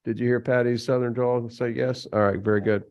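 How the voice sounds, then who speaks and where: A man chairing a legislative committee meeting, speaking haltingly with many fillers and restarts. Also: mid-range voice, steady tone, highs cut off. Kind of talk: formal committee proceedings.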